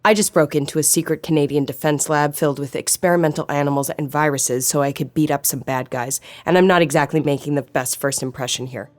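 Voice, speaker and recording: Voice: medium pitch, steady tone, fast, hardly any pauses, lightly acted. A narrator voicing a defensive young woman who mutters self-consciously. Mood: awkward.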